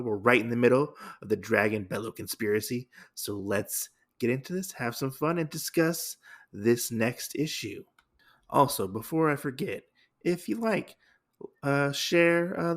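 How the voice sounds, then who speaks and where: A male podcast host recapping a comic in relaxed, casual chat. He uses plenty of filler sounds, and his mid-pitched voice has a gravelly fry.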